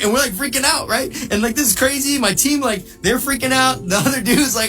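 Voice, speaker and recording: Animated man sharing a mission testimony, with faint music underneath. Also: fairly quick. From United States. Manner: excitable, jumps high when quoting people, laughs through the telling.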